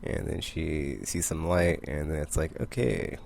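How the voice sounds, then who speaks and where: Young man with a deep, gravelly voice, rambling comic recap, faint hiss behind. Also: flat delivery, measured pace, darkish tone. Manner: rambling, filler-heavy retelling with quoted character lines. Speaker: comic book vlogger.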